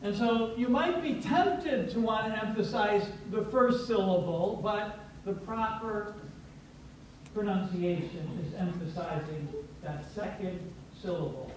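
A man's voice: high voice, a little slow, a little mellow, slight background noise. A man preaching a sermon as pastor, playful and teacherly, coaxing his congregation to repeat words after him. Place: church sanctuary. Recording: very echoey church, distant from mic.

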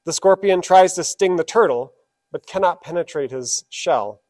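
Fairly high-voiced male preacher. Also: lively intonation, normal speed, darkish tone. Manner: storytelling, then reverent prayer. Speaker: pastor. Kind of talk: sermon.

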